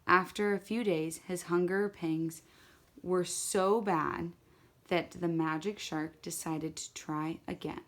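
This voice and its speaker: Woman telling a children's story, lowish voice. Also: slow. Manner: animated, repetitive read-aloud telling with slips. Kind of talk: storytelling to an audience.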